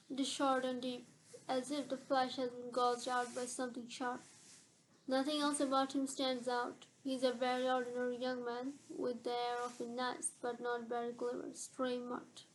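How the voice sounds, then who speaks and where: A woman narrating a novel as an audiobook, reading in a measured, steady way. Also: high voice, slight background noise, poor audio.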